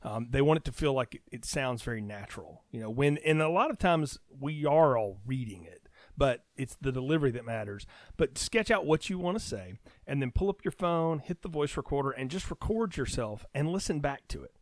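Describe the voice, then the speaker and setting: A man's voice: medium pitch, animated, brisk, few pauses, no room sound. Chatty man on a dry mic. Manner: rambling, chatty and easygoing. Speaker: podcast guest. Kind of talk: casual conversation.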